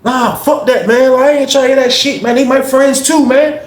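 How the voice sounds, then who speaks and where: Casting: a man doing a defensive young inmate, raised high voice, echoing room. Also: a little fast. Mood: heated. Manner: heated, defensive. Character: angry young male inmate standing ground.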